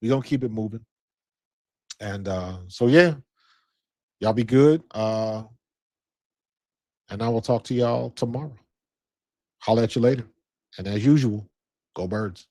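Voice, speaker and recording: Male podcast host, relaxed rambling storyteller, mid pitch, dry close sound. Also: a little slow, long pauses, no echo. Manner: laid-back, rambling storytelling. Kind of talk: casual chat.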